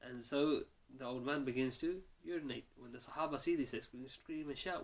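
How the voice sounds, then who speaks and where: A male teacher tells a story to his class, acting out each quoted line with energy. His voice sits at a medium pitch. The lesson is recorded in a mosque. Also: brisk.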